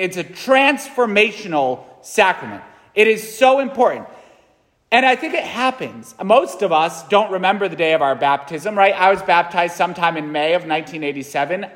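Priest guy in his 30s, kinda high voice, chatty earnest sermon, big church echo trailing off. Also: fairly bright tone. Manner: conversational, earnest, asking "right?" often. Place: large church. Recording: long church reverb.

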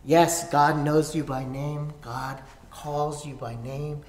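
A man pastor preaching a sermon to a camera, swinging from hushed whispers to sudden shouts. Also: a little high, steady tone, slow pace. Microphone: facing a camera. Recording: echoey hall, faint room noise.

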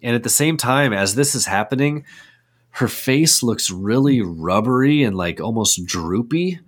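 A man's voice: medium pitch, expressive, measured pace. A man co-hosting a movie podcast, chatting casually and describing scenes step by step, laughing often. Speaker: podcast co-host.

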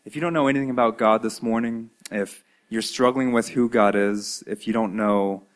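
A man preaching a sermon, retelling a parable with acted-out voices and big swings from loud to hushed. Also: on the low side, normal speed. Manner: storytelling, acts out voices with lively swings in loudness. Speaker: pastor.

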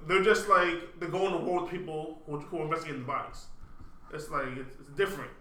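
A man from New co-hosting a podcast, excitable and quick to jump in. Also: a little high. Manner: animated, excitable, jumps in. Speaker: podcast co-host. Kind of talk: casual chat. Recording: roomy echo with faint room noise.

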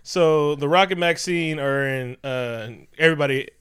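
A man's voice: on the high side, normal speed, a bit bright, clear, resonant tone. Profane laughing man reviewing a movie. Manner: profane, jokey, laughs often. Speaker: podcast co-host. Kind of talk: casual movie review chat.

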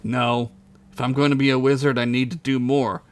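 Soft-spoken, resolute young sorceress, read by a male storyteller; earnest, low-key delivery. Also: little pitch movement, moderate pace, dry recording, close to an everyday voice. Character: young woman wizard, troubled and resolute.

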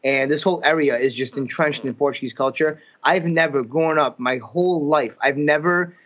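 A man from New England, a comedian telling stories in a casual chat with animated quotes. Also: on the high side, moderate pace, lo-fi sound. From Fall River, Massachusetts, US. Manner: animated storytelling with quoted voices.

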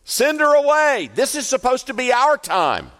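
A man voicing impatient male disciples who want a pleading woman sent away, talking in a rushed, indignant way. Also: extremely high pitch, big pitch swings, a bit bright, pitched above the performer's own voice, exaggerated voice. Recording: long hall reverb.

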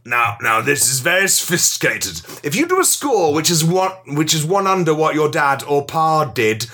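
A man's voice: on the high side, sing-song, normal speed, pushed and bright, heavily acted. A man playing a blustering self-styled golf expert who lectures in a pompous, rambling way and swears freely. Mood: lecturing. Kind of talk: improvised comedy character.

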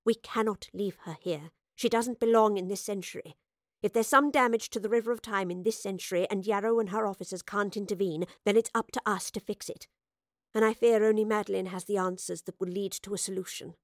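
A woman's voice: mid-range voice, fairly even intonation, a little fast, no echo, clean studio sound, close to an everyday voice. A woman doing a grieving older professor. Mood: earnest. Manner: soft, tearful, hushed. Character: older female professor, gentle, grieving and guilt-ridden. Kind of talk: audiobook character voice.

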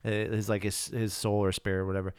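A man in casual podcast chat with a smooth, resonant voice, recorded close and dry. He is laid-back and swears, often trailing off mid-thought. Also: fairly low pitch, little pitch movement, fast, darkish tone, dry recording. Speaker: podcast co-host.

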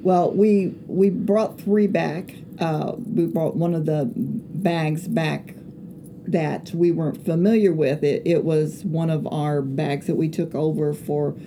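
A woman's voice: low voice, steady tone, slow pace, dark tone, slight background noise. A middle-aged woman, a pastor's wife, telling a rambling story in casual chat, with many hesitant fillers.

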